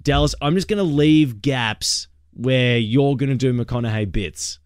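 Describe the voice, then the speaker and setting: A man's voice: medium pitch, unhurried, clean tone, no echo, studio quality. An Australian man in his thirties hosting a radio show, upbeat and chatty. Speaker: radio host. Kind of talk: casual radio banter. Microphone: studio broadcast mic.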